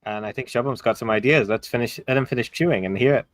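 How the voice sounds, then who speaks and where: A young man with an Indian English accent acts as dungeon master for a casual tabletop game session, his mid-range voice recorded with no echo. He rambles through ideas, saying "like" a lot and restarting often, and tosses in quick jokes.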